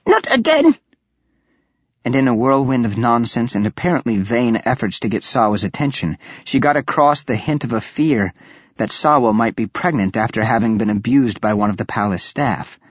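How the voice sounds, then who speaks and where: A man giving steady, even scripted narration of a fantasy audiobook. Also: medium pitch, a little fast, slightly rough, no echo. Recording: dull lo-fi audiobook recording.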